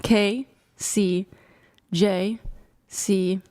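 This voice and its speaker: A young woman in her twenties, a panel guest speaking softly and matter-of-factly. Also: mid-range voice, fairly even intonation, drawn-out words. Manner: soft-spoken, matter-of-fact listing. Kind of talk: casual panel chat.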